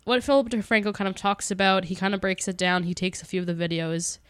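A woman's voice: mid-range voice, quick pace, clean tone. A young woman co-hosting a podcast in casual chat, explaining a story at length with many fillers. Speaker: podcast co-host.

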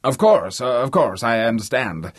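A man's voice: mid-range voice, very animated, moderate pace, no room sound, studio quality. A man doing an expansive American tycoon. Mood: breezy. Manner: expansive, breezy. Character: brash wealthy American businessman.

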